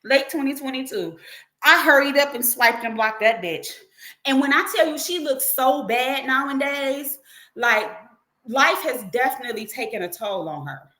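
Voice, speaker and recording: A middle-aged woman hosting a livestream tells a story in a casual way, animated and profane, acting out the quotes as she goes. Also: high-pitched, moderate pace, reverberant. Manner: animated, profane, acts out quotes in her telling. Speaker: livestream host.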